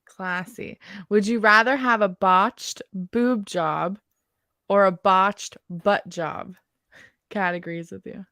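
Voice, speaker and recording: A young woman in her twenties co-hosting a podcast, firing off playful questions and teasing her co-host. Her voice is mid-pitched and sounds close and dry. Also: fairly even intonation, takes it slowly, bright, forceful tone, no echo. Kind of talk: casual chat.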